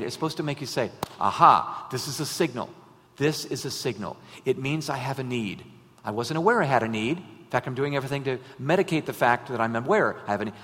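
A male preacher at mid pitch delivers a sermon in an easy, conversational way. He keeps nudging listeners with rhetorical questions, rising with energy and dropping down for stories. His voice carries a long reverb from a large church sanctuary.

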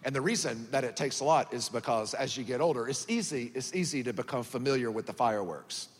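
A man's voice: mid-range voice, animated, fast talker, breathy edge. A man in his thirties from Georgia with a Southern US accent, preaching as a guest pastor in a folksy, joking, conversational way. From Georgia, USA. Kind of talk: sermon. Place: large church auditorium. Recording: church hall reverb.

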